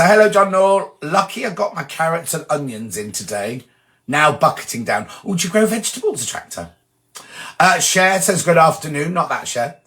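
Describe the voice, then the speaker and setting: A man's voice: on the high side, a bit bright. A man hosting a casual live chat, reading viewers' comments aloud and wandering off into gossipy stories. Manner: chatty, gossipy, reads comments aloud and rambles into anecdotes. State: sneezing from hay fever.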